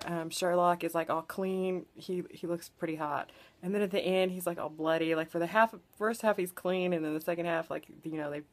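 A young woman vlogger casually recapping a short film, chatty and full of fillers, with some swearing. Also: fairly low pitch. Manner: chatty, filler-heavy retelling with lots of "like" and swearing.

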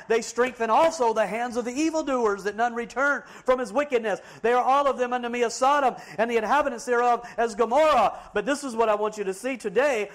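A man preaching a fiery sermon, swinging between loud, emphatic declarations and hushed, quiet asides. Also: very high-pitched.

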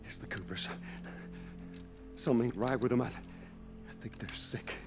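A man's voice: medium pitch, a little slow, lightly acted. An actor playing a tense middle-aged father who gives urgent, clipped orders to protect his daughter in a video game. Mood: worried. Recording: loud game music behind.

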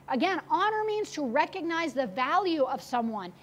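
A woman pastor preaching a sermon, retelling a story with animated, acted-out quotes. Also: sits high, normal speed, few pauses.

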